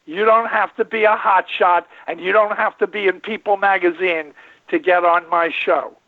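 A man's voice: sits high, steady tone, moderate pace, no room sound. Older man ranting over a tinny phone line. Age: 70s. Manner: rambling, folksy, emphatic with repetitions. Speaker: radio show host and veterinarian. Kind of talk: call-in radio monologue.

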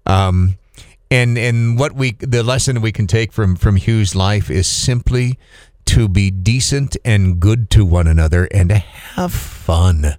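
A middle-aged man co-hosting a podcast, talking in a halting, emotional way with many restarts. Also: fairly low pitch, a little mellow, no echo, studio quality. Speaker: podcast co-host. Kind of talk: casual chat.

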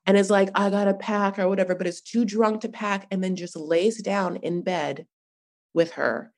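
A young woman hosting a podcast, recapping a reality show in an animated, gossipy chat full of fillers. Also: medium pitch, normal speed. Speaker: podcast host.

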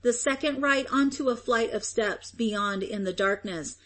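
A woman reading a story aloud as narrator, in a measured, expressive way. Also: a little high. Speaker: audiobook narrator. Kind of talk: scripted narration.

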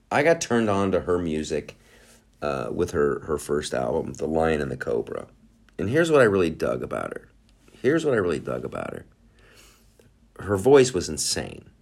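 Low-voiced man with a lively delivery. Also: creaky. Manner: animated, profane, riffing with put-on voices. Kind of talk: casual spoken monologue.

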